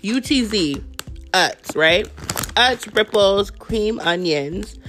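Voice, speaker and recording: A young woman in her twenties tells a story to her viewers in a loose, blunt way, swearing freely and snacking as she talks. Her voice sits at a middle pitch, and soft music plays faintly behind her. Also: slow. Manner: blunt, profane, animated retelling. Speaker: vlogger. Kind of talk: casual storytelling while eating.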